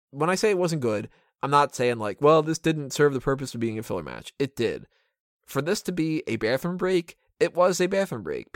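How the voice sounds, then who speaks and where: A man's voice: medium pitch, dry recording. Opinionated man reviewing wrestling, dry sound. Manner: opinionated, sarcastic, swears freely. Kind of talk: casual commentary.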